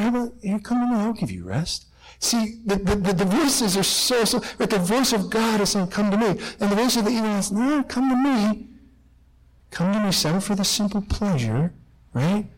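A young man, a Catholic priest, giving an animated talk to a conference crowd, acting out voices as he tells stories. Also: on the high side, poor audio. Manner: animated storytelling, acts out kids' voices.

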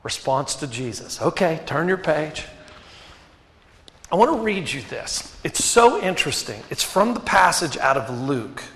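Animated preacher with gravelly voice. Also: male voice, fairly high pitch, unhurried. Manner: animated preaching, rhetorical questions, voice dropping to quiet emphasis. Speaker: pastor. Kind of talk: sermon. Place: church sanctuary. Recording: echoey hall reverb.

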